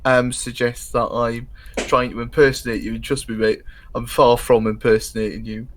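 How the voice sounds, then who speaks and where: A man's voice: medium pitch, little pitch movement, normal speed. A man, calling into a debate stream, blunt and mocking but often hesitant. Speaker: caller. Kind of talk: casual call-in debate.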